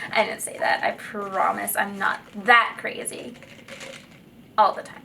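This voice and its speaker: Young woman vlogger, chatty and giggly, bright and a bit high, slightly off-mic with faint room hum. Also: unhurried, creaky, long pauses, distant mic. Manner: chatty, giggly, lots of fillers. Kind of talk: casual storytelling.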